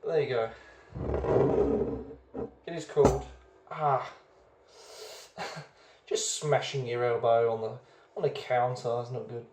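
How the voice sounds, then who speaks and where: A man's voice: medium pitch, level tone, slow pace, pauses often, echoey room, very noisy. A man hosting a casual beer review video, chatty and rambling, often hesitating as he goes.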